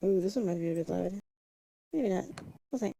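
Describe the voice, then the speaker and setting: Slight background noise and poor audio surround this woman's gravelly, dark, medium-pitched voice, which moves fairly quickly. Chatting casually on her livestream, she mutters to herself during setup and hums and sings nonsense syllables.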